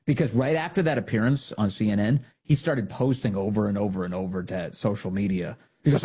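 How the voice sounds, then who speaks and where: A man hosting a talk radio show, giving opinionated commentary in an animated, emphatic way with sarcastic asides, on a studio microphone. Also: medium pitch, a little fast, hardly any pauses, slightly rough.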